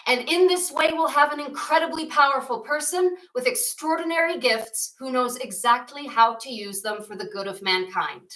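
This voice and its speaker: An eager, self-assured male god insists on being heard, as a woman puts him on, in a high, bright voice. He sounds roomy and set back from the mic. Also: moderate pace, hardly any pauses, far from the mic. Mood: insistent.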